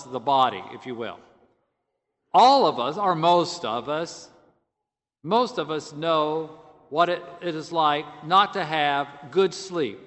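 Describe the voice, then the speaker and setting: Slow-talking man preaching in a church. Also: on the high side, sharp tone. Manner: conversational, slow and deliberate, with filler words. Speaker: priest. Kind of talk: sermon. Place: large church. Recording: echoey church hall.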